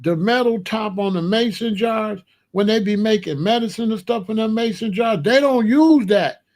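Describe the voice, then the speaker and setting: A man in a casual monologue, talking in a slangy, emphatic way and reacting with animated disbelief. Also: sits high, moderate pace. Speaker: vlogger.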